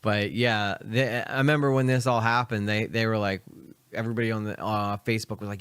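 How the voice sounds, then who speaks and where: A man's voice: on the low side, steady tone, fairly quick, a bit bright, smooth, no echo. Man, young, light philadelphia accent, rambling live reaction talk, dry close sound. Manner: rambling, chatty, many fillers and asides. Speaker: streamer reacting to videos. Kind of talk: casual live reaction commentary.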